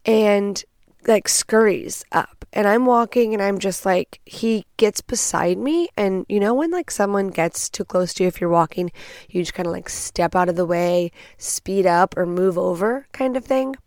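A woman's voice: medium pitch, unhurried, no room sound, clean studio sound. A young woman from Texas, hosting a podcast, tells a story bluntly and with lots of swearing, acting out what people said. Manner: blunt, profane, animated retelling with quoted asides. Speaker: podcast host. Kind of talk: casual storytelling.

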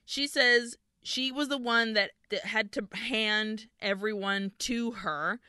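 A woman with a bright, crisp voice that sits a little high, chatting through a horror film's plot for her podcast. She swears freely and slips into the characters' lines as she goes. The sound is close and dry. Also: slow pace, dry recording. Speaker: podcast co-host. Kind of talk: casual movie recap.

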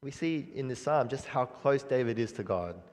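A man preaches in an earnest, reflective manner, stopping often to pose questions to his listeners and filling pauses with "you know." His voice sits at an ordinary middle pitch and carries a long reverb, as if he is speaking in a large hall. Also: lively intonation, a little mellow. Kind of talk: sermon on a psalm.

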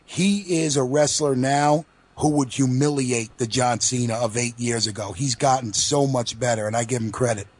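A man's voice: medium pitch, moderate pace, hardly any pauses, darkish tone, breathy edge. A man co-hosting a wrestling radio show, emphatic and rambling, often restarting sentences. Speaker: wrestling podcast co-host. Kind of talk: casual profane commentary.

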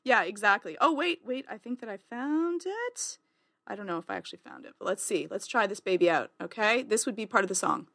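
A woman's voice: medium pitch, animated, a little fast, fairly bright tone, no room sound. A woman co-hosting a casual podcast, giggly and playful. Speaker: podcast co-host.

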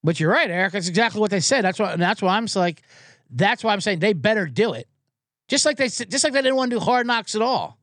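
A man's voice: high-pitched, lively intonation, fast talker, fairly bright tone, no room sound, studio quality. A man hosting a comedy sports podcast, ranting with profanity and getting fired up. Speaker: podcast host.

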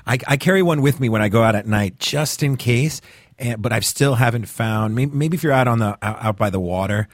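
A man's voice: medium pitch, brisk, no echo, clean studio sound. A man hosting a podcast in casual chat, chatty with frequent stammering restarts. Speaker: podcast host.

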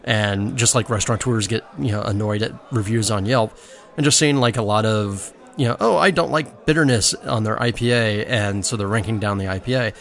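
A man's voice: lowish voice, a little fast. A man co-hosting a homebrewing podcast, recapping news in a chatty, exclamatory way. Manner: chatty, exclamatory, lively storytelling. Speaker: podcast co-host. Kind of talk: casual chat.

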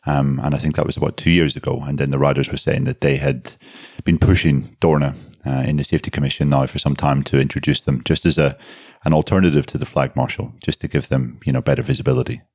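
A man with a very deep voice explains racing rules in a matter-of-fact way. He leans on small fillers, and the recording is dry and close. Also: fairly even intonation, quick pace, a little mellow, no room sound. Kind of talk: studio discussion.

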